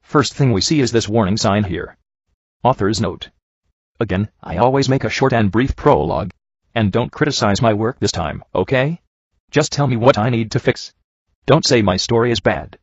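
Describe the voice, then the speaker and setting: A man reading a badly written story aloud in a dry, sarcastic, deadpan way, mocking it as he goes. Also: medium pitch, moderate pace, breathy edge, dry recording. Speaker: reviewer reading bad fanfiction. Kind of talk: dry comedic reading and commentary. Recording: dull lo-fi home recording.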